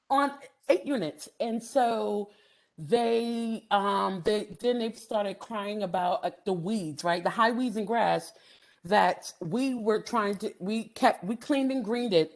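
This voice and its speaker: A middle-aged woman tells a story from her work as a class lecture, and her voice swings widely as she goes. She laughs often and leans on many "um" fillers, and her pitch sits in an ordinary middle range. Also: takes it slowly. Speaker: housing development speaker.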